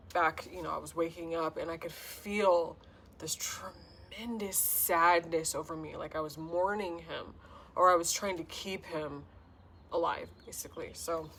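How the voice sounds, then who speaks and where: A woman's voice: lowish voice, a bit bright, a little hiss or hum. A woman giving a casual spiritual tarot reading to camera, talking in an earnest, heartfelt, rambling way. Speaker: tarot reader and self-described healer.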